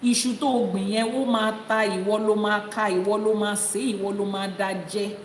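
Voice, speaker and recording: A woman's voice: medium pitch, little pitch movement, quick pace. A Nigerian woman with a Yoruba accent gives a live-streamed Ifa teaching, scolding her viewers in a forthright way. She moves between English and Yoruba as she answers their comments. Her voice rings in a roomy space with a long reverb tail and a faint hiss of noise behind it.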